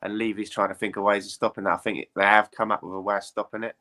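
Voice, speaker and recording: A man with a low, bright voice talks football in a fast, chatty stream. He keeps asking his listeners to agree with him. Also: flat delivery. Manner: quick, chatty, asks for agreement with tag questions. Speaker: panelist. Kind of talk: casual chat about football.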